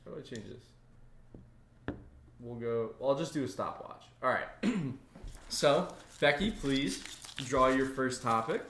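A man's voice: medium pitch, animated, slow, long pauses, fairly bright tone, slight background noise. A young man co-hosting a podcast, telling stories in a casual, joking way. He laughs as he talks and acts out the voices of the people in his stories. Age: young adult. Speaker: podcast co-host. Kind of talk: casual comedic storytelling. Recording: echoey room.

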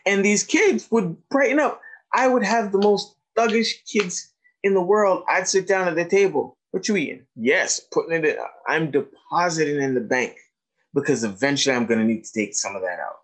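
A man's voice: a little high, moderate pace, poor audio. A man giving a lecture to teachers, telling stories and acting out the dialogue. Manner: animated storyteller acting out dialogue. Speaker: educator giving a talk on trauma.

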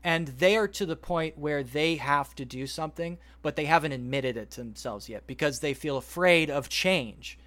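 A man on a podcast, retelling a story at length in a rambling, animated way and quoting the characters as he goes. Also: on the high side, normal speed, hardly any pauses. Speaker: podcast host. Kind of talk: casual podcast chat, retelling a plot.

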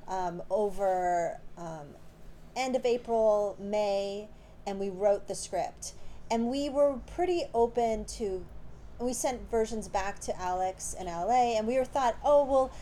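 A woman's voice: mid-range voice, takes it slowly, warm tone, a little hiss or hum. A woman, born in Canada and raised in Los Angeles, answering interview questions about her film in a chatty, rambling way with plenty of fillers. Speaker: filmmaker guest.

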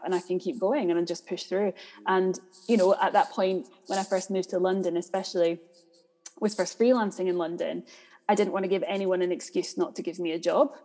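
A woman's voice: lowish voice, a little mellow. A woman speaking candidly and reflectively as a podcast guest, thinking aloud with frequent ums. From Scotland. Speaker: guest, theatre director. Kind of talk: podcast interview. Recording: long hall reverb.

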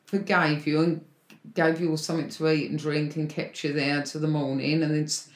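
A middle-aged woman chatting and reminiscing as a podcast co-host. She has a lowish voice, and the room around her carries a noticeable echo. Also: little pitch movement, normal speed. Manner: conversational, interjecting, reminiscing. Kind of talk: casual chat.

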